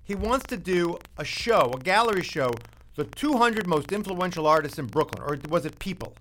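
A man's voice: high-pitched, lively intonation, normal speed, a bit bright, slight background noise, low-quality recording. A man hosting a talk radio show, teasing guests and steering the segment in a joking manner.

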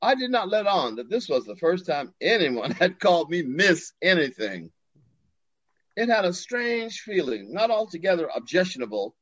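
An older man tells a story with theatrical expression, his voice fairly high and swinging widely in pitch. He speaks over a video call from his porch. The sound is dry and a little dull. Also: breathy edge, no room sound. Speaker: guest. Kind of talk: storytelling in an interview. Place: home porch.

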